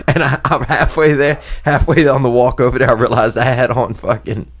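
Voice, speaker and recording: A man's voice: mid-range voice, level tone, fairly quick. A man in casual, profane chat, laid-back and laughing at himself.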